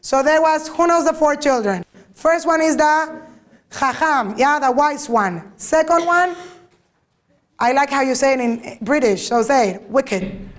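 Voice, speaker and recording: A woman giving an informal talk to a group, lively and always asking her listeners questions. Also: high voice, unhurried. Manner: lively, asks the audience many questions. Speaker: lecturer.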